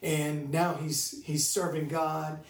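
A man's voice: a little high, level tone, slow pace, far from the mic. Earnest preacher man in an echoey room. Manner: earnest storytelling with scripture reading. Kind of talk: sermon with personal story.

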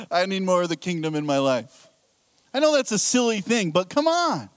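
A man's voice: a little high, expressive, normal speed, no room sound. A middle-aged man preaching a sermon as pastor, telling candid, self-deprecating stories with a laugh.

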